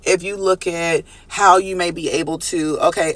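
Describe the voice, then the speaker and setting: High-voiced man giving a chatty tarot reading. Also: a little fast, few pauses, a bit bright. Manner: casual, profane, chatty, calls viewers y'all; reacts to viewers' chat comments. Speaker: tarot reader. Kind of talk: live collective tarot reading.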